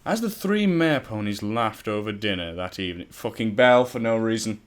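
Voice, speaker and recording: A man's voice: on the low side, expressive, moderate pace. Profane, self-mocking man reading a story. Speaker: fan fiction reader. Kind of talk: casual reading with asides.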